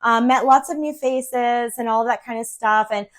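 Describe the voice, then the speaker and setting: A middle-aged woman from Central Virginia, a real estate agent, telling a personal story in a chatty, animated way with plenty of fillers. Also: a little high, moderate pace. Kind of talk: casual storytelling vlog.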